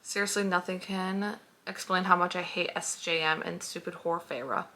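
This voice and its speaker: A woman's voice: on the low side, fairly even intonation, normal speed, pushed and bright. A young woman reviewing books in a casual vlog, heated and sarcastic, swearing freely as she reacts. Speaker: book reviewer.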